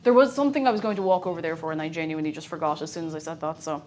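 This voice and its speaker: A woman's voice: low voice, rapid-fire, a little mellow, a little hiss or hum. A young woman streamer chatting casually and rambling while she cooks, with frequent exclamations. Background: faint music.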